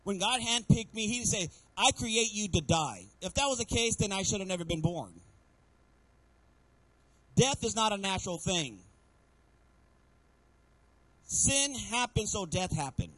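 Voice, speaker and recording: A man's voice: high voice, big pitch swings, a little slow, pauses often, fairly bright tone, no echo, low-quality recording. A male pastor preaching a sermon to a congregation, calling for amens and acting out the voices he quotes. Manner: preaching with call-and-response asks to the congregation. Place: church sanctuary.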